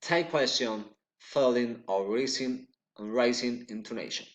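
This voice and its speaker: A man's voice: mid-range voice, a little slow. A man whose first language is Spanish, reading English intonation drills aloud and repeating short phrases to practice rising and falling tones. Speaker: English learner.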